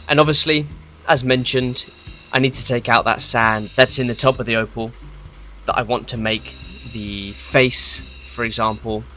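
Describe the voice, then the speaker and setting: A man narrates his opal cutting from a home workshop in a loose, explanatory way, stopping to laugh at himself. His voice sits at a middle pitch and has a bright, clear edge. Faint music runs quietly behind him. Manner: chatty, explanatory, self-deprecating. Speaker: opal cutter and channel host.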